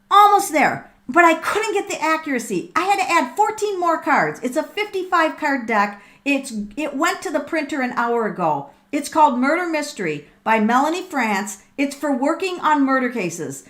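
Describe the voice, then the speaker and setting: A middle-aged woman with a high voice hosts a live tarot reading. She is excitable and thinks aloud, full of ums and repeated words. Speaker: tarot reader and livestream host.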